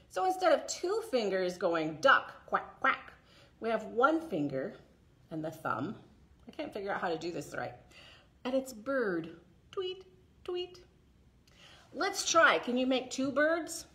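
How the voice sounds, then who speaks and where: A woman leading a toddler story time, talking slowly and brightly to small children, with songs and finger plays. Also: on the high side. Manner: slow, sing-song and animated, talking to small children. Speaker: children's librarian.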